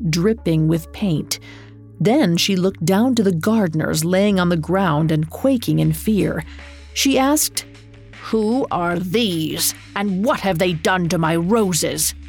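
A woman reading a storybook aloud in a calm, measured, expressive narration. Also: on the low side. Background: soft music.

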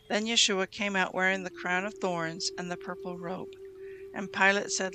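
A host reading scripture aloud in a steady, measured way, giving the quoted lines plainly. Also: mid-range voice, background noise. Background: music bed under the reading.

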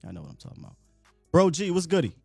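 A man hosts a live call-in sports show in casual chat. His pitch jumps around a lot as he talks, and his voice sounds dry and close to the mic. Faint music runs underneath. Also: creaky, breathy edge, no room sound. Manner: animated, talkative, quick asides.

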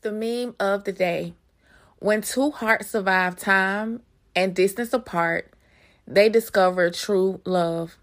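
A woman hosting her own podcast, telling a story in a chatty, animated way and talking straight to her listeners. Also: mid-range voice, slow. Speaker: podcast host.

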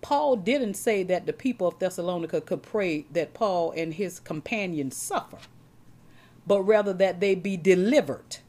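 A woman's voice: fairly low pitch, lively intonation, moderate pace, a little mellow. Woman preacher, folksy, often stumbles on repeated words, keeps turning to her congregation. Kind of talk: sermon.

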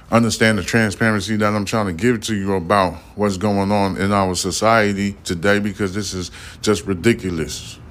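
A man's voice: fairly low pitch, fairly bright tone. A man hosting his own solo podcast, ranting heatedly and with lots of swearing, often turning to the listener to drive his point home. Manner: addresses listeners directly, repeats points. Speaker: podcast host.

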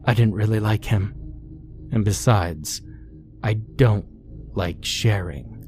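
Man doing a playful killer clown woman, teasing menace, low and unhurried. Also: darkish tone, soft background music. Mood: gleeful menace. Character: sadistic playful female cannibal clown.

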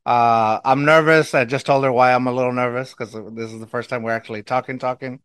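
A man with a Mexican accent hosting a podcast in casual chat, excitable and rambling, laughing often and restarting sentences. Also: medium pitch, a little fast, clear, resonant tone, no echo. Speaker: podcast host.

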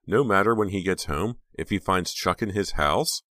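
A man voicing an excitable teenage girl who talks breathlessly and impatiently. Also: deep voice, moderate pace, dry recording, studio quality, pitched above the performer's own voice. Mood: alarmed.

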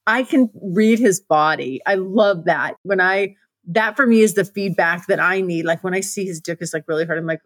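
A woman's voice: fairly low pitch, moderate pace, no room sound. Frank woman podcast host, dry close sound. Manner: frank, breathless storytelling with many restarts. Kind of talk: candid podcast monologue.

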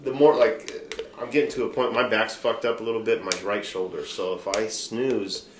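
A man's voice: on the low side, steady tone, normal speed. A man hosting a podcast, telling a rambling, profane story in loose casual chat. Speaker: podcast host. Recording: roomy room with faint noise.

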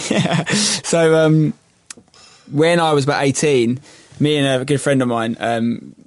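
A man from England, a podcast guest telling a story in casual chat, animated and laughing as he goes. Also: on the high side, slow, no echo.

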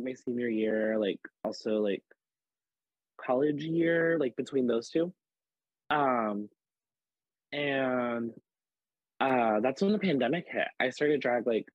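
Husky-voiced man telling animated stories. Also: medium pitch, unhurried, no echo, highs cut off. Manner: animated, filler-heavy storytelling with many "like"s. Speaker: podcast guest, drag performer. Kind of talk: casual storytelling chat.

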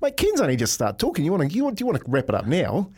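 A man's voice: fairly high pitch, wildly swooping pitch, very fast, a little mellow, slightly rough. A man co-hosting sports radio, telling stories and laughing with his co-hosts. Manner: storytelling, laughing. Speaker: radio co-host. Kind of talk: casual sports radio banter. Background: faint music.

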